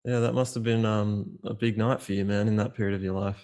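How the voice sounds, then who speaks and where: A man's voice: lowish voice, flat delivery, brisk, darkish tone. A man hosting a podcast, chipping in with short, encouraging remarks. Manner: brief, affirming interjections. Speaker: podcast host. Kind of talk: casual interview chat.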